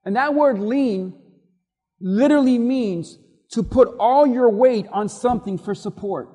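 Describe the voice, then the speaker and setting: High-voiced preacher man in a reverberant hall. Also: a little slow, warm tone. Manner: emphatic preaching, repeats lines for the congregation to say along. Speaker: pastor. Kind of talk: sermon. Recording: long reverb of a large hall.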